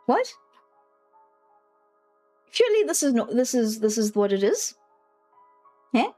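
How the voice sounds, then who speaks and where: South African woman, young, high voice, quick playful chatter to live chat, soft music underneath. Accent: South African English. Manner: playful, animated, reacting to chat messages. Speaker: streamer.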